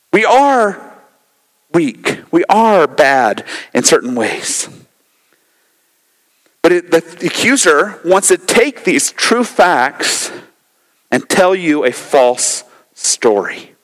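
A man's voice: sits high, a bit bright, long reverb tail, poor audio. A male pastor giving a sermon, emphatic and repeating key phrases for effect.

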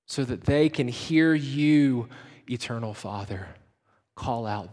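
A man preaching a sermon with passion, rising to loud emphasis and dropping to hushed, intimate lines. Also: mid-range voice, animated, slow pace, in a large hall. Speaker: pastor.

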